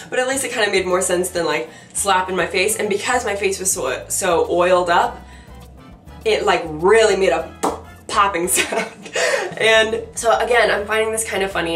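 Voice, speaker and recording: A young woman vlogger telling a funny personal story in a chatty, animated way, with many fillers, often laughing at herself. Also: medium pitch. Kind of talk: casual storytelling to camera. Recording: roomy sound from a distance with faint music.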